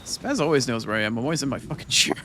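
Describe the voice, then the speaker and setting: A man's voice: medium pitch, expressive, racing, pushed and bright, slight background noise. A man streaming a game from his chair at home, chatting casually with viewers in a loose, profane, rambling and playful way. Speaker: gaming streamer.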